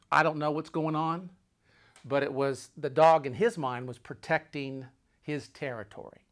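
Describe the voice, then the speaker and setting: A man telling a personal travel story, dramatic and full of repeated phrases, swinging between loud urgency and hushed, low asides.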